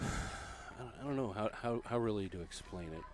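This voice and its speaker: A man doing casual color commentary, halting and searching for words. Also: fairly low pitch. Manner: hesitant, with many fillers.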